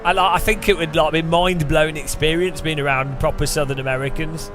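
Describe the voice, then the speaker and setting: A man with an English accent chatting casually to his stream while racing, rambling, with quick outbursts at other drivers. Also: a little high, flat delivery. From England. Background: music.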